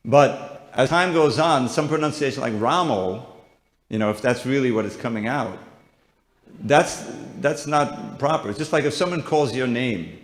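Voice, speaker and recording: A man's voice: medium pitch, normal speed. Man giving a chatty lecture in an echoey hall. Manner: conversational, joking asides, frequent restarts. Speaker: guest teacher at a seminar. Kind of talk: informal devotional lecture. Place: temple hall with audience.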